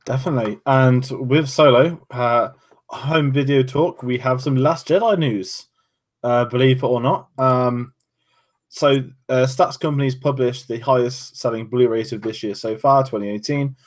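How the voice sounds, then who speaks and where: A man's voice: medium pitch, measured pace. Chatty man co-hosting a podcast. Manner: loose and chatty, often trails off mid-sentence. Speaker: podcast co-host. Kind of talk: casual podcast chat.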